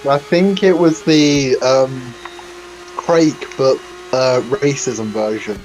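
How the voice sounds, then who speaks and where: A man's voice: mid-range voice, slow, a little mellow, slight background noise, poor audio. A man co-commentating a sim race in a casual, teasing way, with some hesitant restarts.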